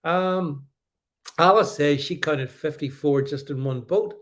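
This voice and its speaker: Man, livestream host, political commentary, emphatic, sarcastic, stammering restarts, fairly high voice. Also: measured pace. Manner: sarcastic asides.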